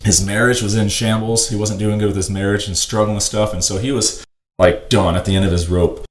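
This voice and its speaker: A man's voice: on the low side, steady tone, fairly quick. A man earnestly telling a personal story on a podcast, rambling and full of "like". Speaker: ministry worker on a podcast. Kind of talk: casual storytelling. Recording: roomy echo, faint noise.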